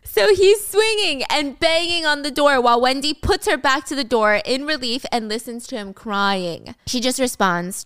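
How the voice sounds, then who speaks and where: A young woman narrating a casual drama recap in a chatty, animated storytelling way. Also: sits high, normal speed, hardly any pauses, smooth, dry recording, clean studio sound.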